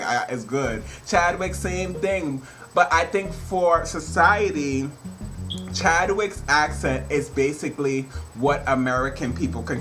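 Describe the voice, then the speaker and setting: A man giving a casual, rambling review, laughing often and swearing freely. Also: on the high side. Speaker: film reviewer.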